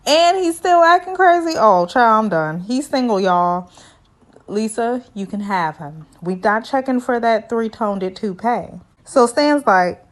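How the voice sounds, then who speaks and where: Sassy chatty woman with a high voice. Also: unhurried. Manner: sassy, animated, playful teasing. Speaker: reality TV recap YouTuber. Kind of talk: casual chatty recap.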